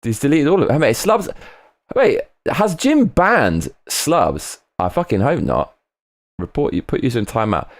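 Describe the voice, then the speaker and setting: A man casually chatting on a live stream, reading out viewer comments, excitable and swearing often, repeating himself. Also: mid-range voice, normal speed.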